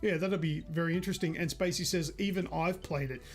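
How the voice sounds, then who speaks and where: A man's voice: fairly high pitch, fairly even intonation, quick pace, faint music behind. A man co-hosting a gaming podcast in casual chat, rambling and correcting himself as he goes. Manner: chatty, rambling, self-correcting. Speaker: podcast co-host.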